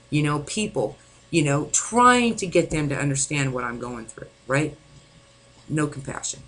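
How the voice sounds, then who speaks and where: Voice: mid-range voice, animated, unhurried, sharp tone, rough recording. A distraught vlogger venting angrily to camera, swearing often and rambling with many fillers. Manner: angry, frequent swearing. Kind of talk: venting personal monologue.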